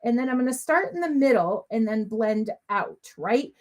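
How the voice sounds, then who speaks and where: Bubbly, lively woman demonstrating crafts. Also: fairly high pitch, moderate pace. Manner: chatty, bubbly and talkative. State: sniffly with a cough. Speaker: papercraft demonstrator. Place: home craft room.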